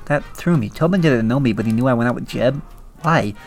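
A man co-hosting a comedy podcast, reading a teen novel aloud with exaggerated high-pitched character voices and frequent laughter. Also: lively intonation, a little fast, soft background music. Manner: reads dialogue with squeaky exaggerated voices, laughs a lot. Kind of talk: comedic dramatic reading with chat.

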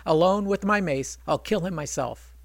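Guy reading as a blunt boastful warrior prince, scolds his brothers, bit high, dry sound. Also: normal speed, no room sound. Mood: scolding. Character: hot-tempered mighty male warrior prince.

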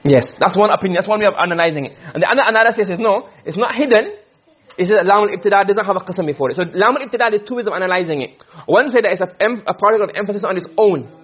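A man lectures a class at speed, his voice high-pitched and a little husky. He keeps stopping to quiz his students. The recording is dull and low-fidelity. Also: lively intonation. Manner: quick, questioning students often, mixing Arabic terms. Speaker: teacher of Arabic rhetoric.

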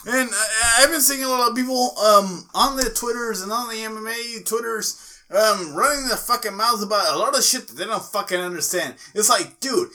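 A man's voice: sits high, sharp tone. A man co-hosting a fight podcast in profane casual chat, ranting with heavy swearing. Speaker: podcast co-host.

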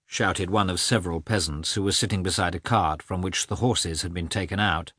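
A man narrates a classic novel in a low but bright voice. His reading rises and falls widely and lifts sharply for the characters' shouts. The sound is dry and close, with no room around it. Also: a little fast, husky, dry recording. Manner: reads with lively, expressive inflection, lifting pitch for characters' shouts. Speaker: audiobook narrator. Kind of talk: scripted narration.

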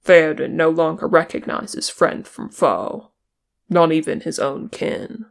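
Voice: mid-range voice, slow pace, vocal fry. A reader voicing a proud, suspicious male horse-lord captain with a guarded, bitter manner in an audiobook. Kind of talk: audiobook character reading.

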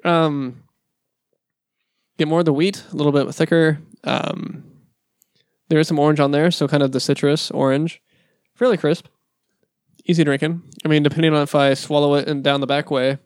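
A man's voice: a little high, level tone, moderate pace, long pauses, no echo, clean studio sound. A man co-hosting a casual beer review podcast, rambling and hesitant, often laughing. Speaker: podcast co-host. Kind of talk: casual chat.

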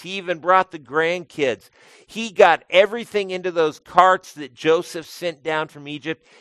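A man preaching a sermon in a conversational way, calling his listeners folks and swinging between loud emphatic lines and quiet asides. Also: a little high, no room sound. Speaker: pastor.

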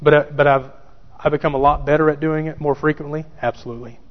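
A man's voice: fairly high pitch, steady tone, fast. A pastor preaching a sermon who repeats key phrases for emphasis and addresses his listeners directly. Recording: dull church recording with long reverb.

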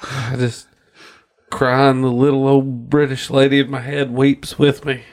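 A man's voice: mid-range voice, little pitch movement, measured pace. Foul-mouthed sardonic man co-hosting. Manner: crude, profane, sardonic ranting. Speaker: podcast co-host. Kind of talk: casual chat.

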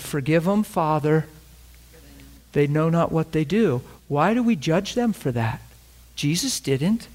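A man delivering a sermon. His voice sits a little high, and he tells stories, playing every person in them himself. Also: darkish tone. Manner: storytelling, acting out both sides of conversations. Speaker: preacher. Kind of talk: sermon with acted-out anecdotes.

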